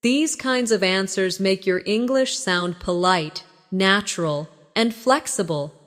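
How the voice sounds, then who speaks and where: A woman leading a scripted English lesson, speaking slowly and clearly so listeners can repeat after her. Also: medium pitch, big-room sound. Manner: slow, measured, clearly enunciated. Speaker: English teacher.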